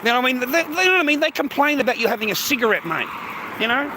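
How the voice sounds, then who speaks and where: Racing along in an extremely high, very animated voice, an Australian man livestreams from a noisy street as traffic passes. He rambles to his viewers casually, swearing heavily and calling them "mate."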